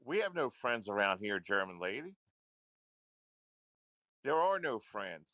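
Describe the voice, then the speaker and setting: A man's voice: fairly low pitch, sing-song, unhurried, pushed and bright, dry recording. A man ranting into a livestream, confrontational and repetitive, swearing often. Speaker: livestream commentator.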